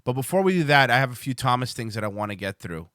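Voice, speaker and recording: A man's voice: medium pitch, expressive, fast, pushed and bright, no room sound, clean studio sound. A man hosting a livestream show, rambling and swearing casually as he chats to viewers. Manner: rambling, profane, restarts a lot.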